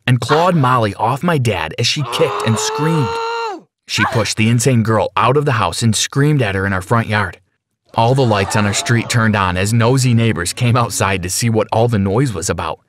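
A man narrating a scripted first-person story with dramatic, expressive delivery. His voice sits fairly low for a man, with faint noise behind it.

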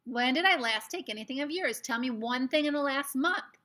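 A woman reading aloud who voices an angry, desperate young schoolboy, shouting and indignant. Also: sits high, lively intonation, brisk, pitched above the performer's own voice.

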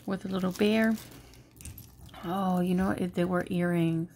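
A woman's voice: on the low side, fairly even intonation, a little slow, darkish tone, a little hiss or hum. A woman vlogger in casual show-and-tell commentary, chatting and murmuring remarks about each item at home, with Spanish asides now and then. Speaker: jewelry vlogger.

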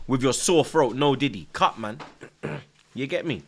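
A man's voice: medium pitch, lively intonation, unhurried, a bit bright, slight background noise. A young man, chatting casually on a live football stream, reading out viewer comments, nervous but hyped. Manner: slangy, repeats himself, reads out chat, nervous yet hyped.

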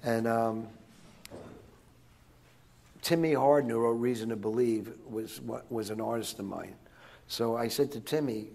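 Before a live audience of students, an older guest speaker tells rambling anecdotes that wander off on tangents, with frequent restarts and chuckles. His medium-pitched voice is creaky and dark in tone, a little slow, with long pauses.

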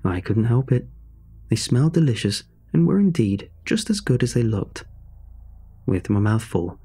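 A man narrating a horror story in a measured, scripted storytelling delivery, with faint music behind. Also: medium pitch, sing-song, dark tone, husky.

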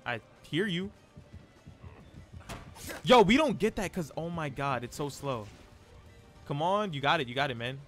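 A young man streaming live gameplay, chatting in an excitable, slangy, self-mocking way. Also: a little high, unhurried, long pauses, soft background music.

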